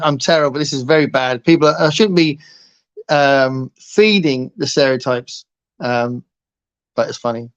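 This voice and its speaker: A man hosting a livestream, chatting casually and playfully with viewers, laughing often and rambling between topics. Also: on the high side. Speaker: livestream host. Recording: muffled lo-fi livestream audio.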